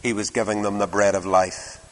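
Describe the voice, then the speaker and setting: A man's voice: fairly low pitch, little pitch movement, a little fast, slight background noise. An older man preaching a sermon, telling stories animatedly and asking his listeners rhetorical questions. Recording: long hall reverb.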